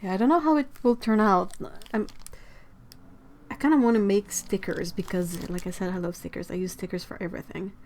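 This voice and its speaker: A woman's voice: medium pitch, fairly quick, darkish tone, slight background noise. A young woman hosting a livestream, chatting casually and giggling to her viewers while she paints.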